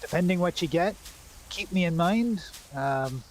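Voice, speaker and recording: A chatty man streams a hunting game live and talks viewers through what he is doing. His voice sits a touch high, with a faint hiss of noise behind it. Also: animated, a little slow. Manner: chatty, explains as he plays. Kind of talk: live gameplay commentary.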